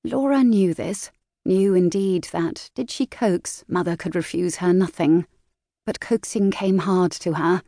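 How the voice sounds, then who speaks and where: This is a female narrator performing a classic novel as an audiobook, her delivery measured and expressive. The voice sits fairly low, captured at studio quality with no room sound.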